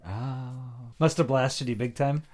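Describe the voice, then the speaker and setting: A man co-hosting a casual podcast chat. He has an ordinary middle pitch and mostly listens, answering with short agreeing replies and a brief comment now and then. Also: steady tone, slow pace, a little mellow.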